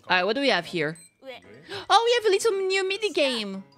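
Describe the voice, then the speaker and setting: Bright, lively woman gushing over a game. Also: high-pitched, a little fast, faint music behind. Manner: gushing, squeals and laughs often; casual with fillers and mild swearing. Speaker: streamer reacting to a game livestream. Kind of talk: excited reaction commentary.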